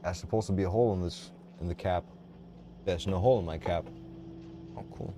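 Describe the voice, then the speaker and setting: Over loud background music and general noise, a deep-voiced man chats a little fast during a game livestream. He wanders from point to point, voices firm opinions, and keeps starting over.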